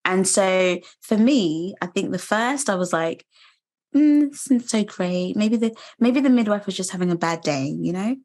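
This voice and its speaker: A British woman in her thirties, a guest telling her own story in an earnest, measured, reflective way. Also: mid-range voice, expressive, a little mellow. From United Kingdom. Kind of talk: personal testimony interview.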